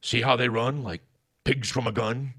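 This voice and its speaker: A man's voice: mid-range voice, steady tone, moderate pace, fairly bright tone, husky. A man doing a comedic impression of a stiff, stilted older politician reading song lyrics.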